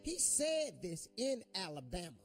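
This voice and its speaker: A man's voice: high voice, wildly swooping pitch, a little slow, soft background music. A middle-aged man, hosting a morning radio show and delivering impassioned, preachy commentary.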